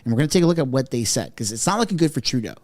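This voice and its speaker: A man's voice: medium pitch, big pitch swings, rapid-fire, darkish tone, no room sound. A man hosting a casual online commentary show, chatty and mocking, talking straight to his viewers. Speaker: political commentary host.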